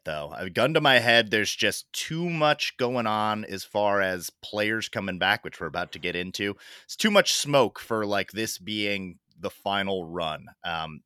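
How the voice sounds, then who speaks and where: A man's voice: lowish voice, sharp tone, no room sound, clean studio sound. A man hosting a sports podcast in casual talk, ranting sarcastically and getting worked up as he goes.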